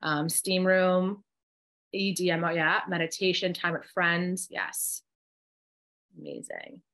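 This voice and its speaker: A woman's voice: fairly low pitch, big pitch swings, slow, fairly bright tone. A middle-aged woman with a New Jersey accent co-hosting a live online workshop. She reads out chat comments and guides the group through breathing exercises step by step. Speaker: co-host and coach.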